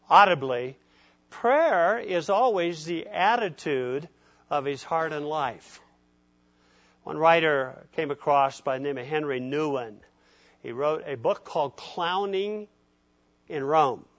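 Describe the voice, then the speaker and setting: A male pastor giving a conversational sermon in a folksy way, often checking in with his listeners. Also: a little high. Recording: dull lo-fi recording.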